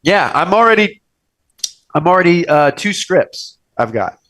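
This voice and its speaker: A young man hosting a casual chat show from a restaurant's wine cellar, telling stories and acting out quoted lines in bigger voices. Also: unhurried. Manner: animated storyteller, acts out quotes with big pitch jumps. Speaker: podcast host.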